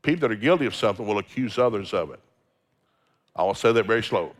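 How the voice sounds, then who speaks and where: This sermon comes from a middle-aged guest preacher whose voice sits on the low side and moves fast and animated. He weaves scripture quotes together with acted-out everyday dialogues, spinning them like folksy stories.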